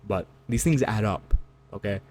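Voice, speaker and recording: A man's voice: fairly low pitch, moderate pace, a little mellow. A man giving reaction commentary on song lyrics, incredulous and lecturing, with loose fillers and restarts. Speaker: online commentator.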